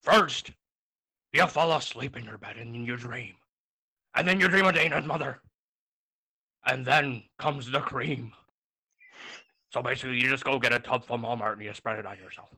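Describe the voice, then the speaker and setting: A man's voice: mid-range voice, moderate pace, long pauses, pushed and bright, husky, full character voice. A man voicing a crude, foul-mouthed male character with a brash, swaggering, lewd way of talking. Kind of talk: comedic improv on a remote podcast.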